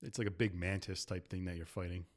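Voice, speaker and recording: A man's voice: deep voice, steady tone, quick pace. A man co-hosting a casual podcast, teasing his friends and laughing often. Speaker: podcast co-host. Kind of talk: casual chat.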